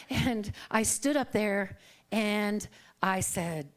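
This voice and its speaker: A woman's voice: mid-range voice, slow pace. A middle-aged woman giving a conversational sermon, telling personal stories, acting out quoted dialogue and laughing often. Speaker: guest speaker at a Sunday service.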